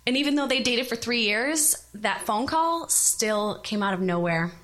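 A woman in her thirties telling a personal story to an audience, animated, expressive and self-deprecating. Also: high-pitched, moderate pace, few pauses.

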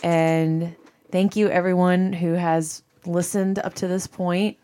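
A woman's voice: on the low side, level tone, takes it slowly, dark tone. A woman in her thirties from northern Ohio, co-hosting a casual podcast and laughing often. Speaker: podcast co-host. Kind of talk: casual chat.

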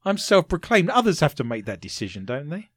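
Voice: medium pitch, big pitch swings, breathy edge, no echo, clean studio sound. Wry, sarcastic podcast co-host. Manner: wry, sarcastic, quick to banter. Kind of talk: casual comedic chat.

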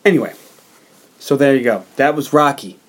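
Man, podcast host, mid-range pitch, animated storytelling, casual chat. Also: moderate pace, slight background noise. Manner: animated storyteller retelling film scenes.

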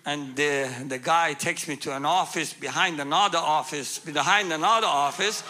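A man's voice: a little high, normal speed, sharp tone. A man, a guest speaker, telling a humorous testimony story and laughing often.

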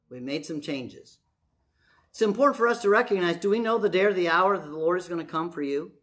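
Guy preaching in church, high bright voice, goes from quiet to loud. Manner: emphatic preaching, swinging from hushed to shouting. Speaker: pastor. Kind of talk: sermon. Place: church before a congregation.

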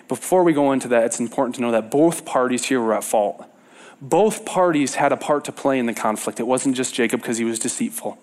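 A man preaching a casual sermon, retelling a Bible story with lively repetition and sudden drops from loud to hushed. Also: medium pitch. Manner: animated storyteller, repeats words for emphasis, swings between loud and hushed; casual and conversational, with fillers and self-corrections.

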